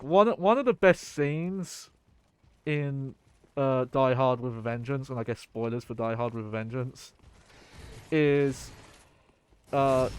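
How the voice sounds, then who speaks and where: A medium-pitched, smooth male voice rambles casually while streaming a video game. He chats with his viewers, swearing and laughing throughout his gameplay commentary.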